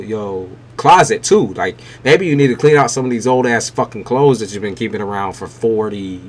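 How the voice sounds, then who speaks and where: A man giving a live-stream tarot reading, blunt and emphatic, with heavy swearing. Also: medium pitch. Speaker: tarot reader.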